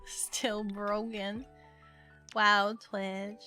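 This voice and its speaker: A young woman chatting playfully on a livestream, excitable and quick to burst into laughing shouts. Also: medium pitch. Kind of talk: casual stream chat. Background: faint music.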